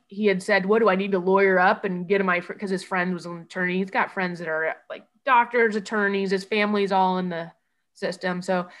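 Shaken woman recounting in halting bursts. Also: mid-range voice, a bit bright. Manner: halting, full of restarts and quoted speech. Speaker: guest telling her story. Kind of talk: emotional personal account.

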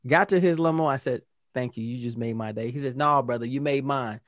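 A man co-hosting a podcast, telling animated stories and acting out the exchanges he quotes. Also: mid-range voice, fairly quick, no echo. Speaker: podcast co-host. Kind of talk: casual storytelling chat.

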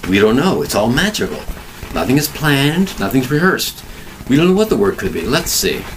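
A man teaching an English vocabulary lesson alone, spelling words out slowly and asking rhetorical questions. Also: medium pitch, big pitch swings, far from the mic, a little hiss or hum, low-quality recording. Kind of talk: solo ESL vocabulary lesson.

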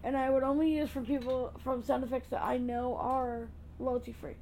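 A woman with a high voice hosts her podcast in casual chat. She is chatty and gushing, with an excitable way of talking. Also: normal speed, slight background noise, poor audio. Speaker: podcast host.

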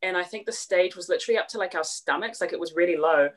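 A young woman with a New Zealand accent, a podcast guest telling stories in casual chat, quick and full of fillers. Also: on the low side. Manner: rapid, animated storytelling with many fillers.

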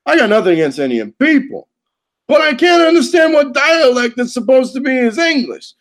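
A man delivering a profane comedic rant, loud and indignant, cursing constantly and laughing at his own lines. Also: extremely high pitch, very animated, normal speed.

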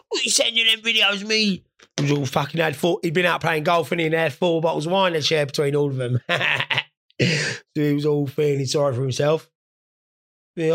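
Gravelly sweary British man in his thirties. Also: fairly high pitch, fairly bright tone. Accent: British English. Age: 30s. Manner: sweary, laddish banter. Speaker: vlogger. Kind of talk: rambling comic monologue.

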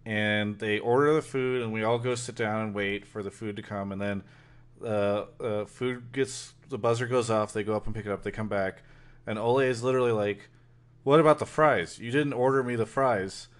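A man's voice: lowish voice, moderate pace, smooth. Guy hosting a podcast, chatty, tells stories with a lot of energy. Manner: animated storytelling, swears casually. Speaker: podcast host. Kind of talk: casual chat.

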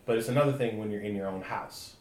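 A man's voice: lowish voice, fast, darkish tone. A man co-hosting a casual talk show, talking in a dry, joking way. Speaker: podcast co-host. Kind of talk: casual chat. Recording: roomy echo, distant mic, faint noise.

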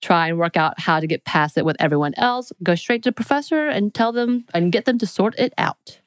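A woman's voice: fairly low pitch, expressive, a little fast, clean tone, no room sound. A woman co-hosting a podcast in casual chat, playfully joking as she reads quiz questions aloud. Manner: playful, jokey, reads out lists. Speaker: podcast co-host.

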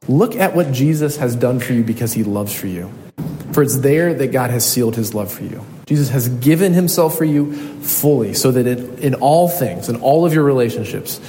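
A man's voice: mid-range voice, warm tone. A young adult man preaching a sermon as a pastor, telling a story earnestly with frequent ums and restarts. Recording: echoey hall, faint noise.

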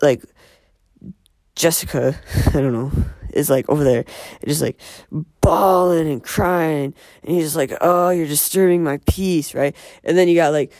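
A man's voice: a little high, a little slow, long pauses, darkish tone, dry recording, studio quality. A man hosting a casual monologue, rambling and profane, often interrupting himself. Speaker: podcast host.

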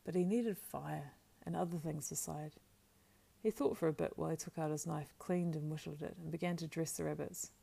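A woman narrating a storybook aloud in a steady, measured reading with small slips. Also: low voice, gravelly. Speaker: audiobook narrator.

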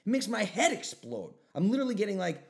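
A man's voice: high-pitched, fast talker, gravelly. Emphatic ranting male podcast host. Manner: animated, emphatic ranting with mocking voices. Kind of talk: solo podcast rant.

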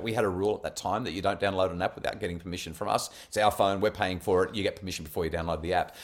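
A man, a parenting expert guest on a podcast, telling stories with animated, acted-out dialogue. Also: lowish voice, fast talker, hardly any pauses. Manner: animated, acts out quoted dialogue with laughs. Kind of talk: conversational storytelling on a podcast.

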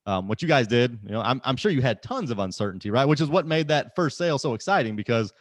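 A man's voice: medium pitch, lively intonation, fast, no room sound. A man hosting a podcast, talking casually and emphatically, often repeating words as he starts a sentence. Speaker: podcast host. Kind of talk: casual conversation.

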